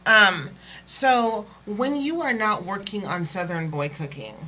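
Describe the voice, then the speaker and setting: A woman's voice: medium pitch, slow pace, rough recording. A woman hosting a casual interview, asking questions and responding with encouraging sounds. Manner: warmly encouraging, lots of affirming sounds. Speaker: host.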